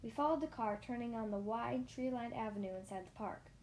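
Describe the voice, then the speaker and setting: A woman narrating a children's story in the first person, lively, with small slips and restarts. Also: a little high, a little fast, slight background noise. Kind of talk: reading a children's story aloud.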